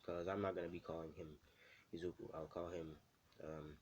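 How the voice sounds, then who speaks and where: A man's voice: sits low, flat delivery, normal speed, darkish tone, a little hiss or hum. A man casually telling a made-up story, rambling with lots of fillers and restarts.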